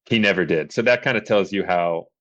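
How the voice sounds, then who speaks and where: A deep-voiced man from the Boston area, USA, talks fairly quickly with a fairly bright tone as a filmmaker guest on a podcast. He's laid-back, swears casually, and laughs often in the casual chat.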